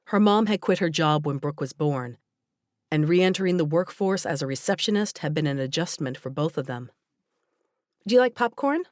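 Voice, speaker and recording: Audiobook narrator, woman, lowish voice, gentle even delivery, dead-dry booth. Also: moderate pace, no echo. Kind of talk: scripted narration.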